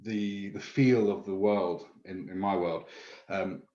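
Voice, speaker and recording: A man's voice: low voice, steady tone, takes it slowly, warm tone. A man talking eagerly as an author guest, rambling with lots of fillers. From England. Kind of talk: casual conversation. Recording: roomy, dull-sounding call audio.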